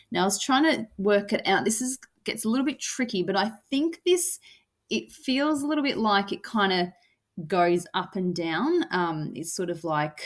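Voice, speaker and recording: A woman's voice: medium pitch, moderate pace. A woman teacher walking through a lesson, thinking aloud with lots of "kinda" and "um". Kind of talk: recorded lesson walkthrough.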